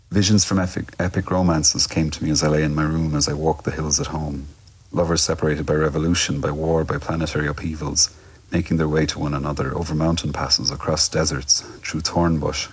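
Irish male guest writer, reflective reader, very deep and husky. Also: flat delivery, low-quality recording. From Ireland. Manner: reflective and measured. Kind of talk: reading his own personal story aloud.

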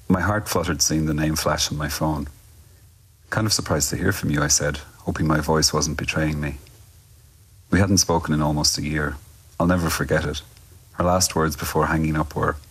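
Very deep, husky Irish man. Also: level tone, rough recording. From Ireland. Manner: reflective and measured. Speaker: guest writer. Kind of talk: reading his own personal story aloud.

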